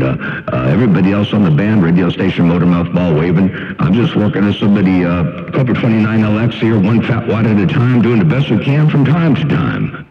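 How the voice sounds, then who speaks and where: A man chatting over CB radio in a rambling, stammering, animated way. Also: deep voice. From US West Coast. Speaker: CB radio operator. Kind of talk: casual radio chat. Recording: lo-fi roomy radio audio.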